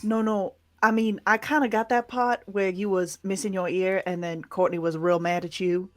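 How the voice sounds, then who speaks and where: A woman playing a wary rural young woman in a tabletop game, who asks hesitant, halting questions. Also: mid-range voice, fairly even intonation, natural voice. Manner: hesitant, filler-heavy questioning.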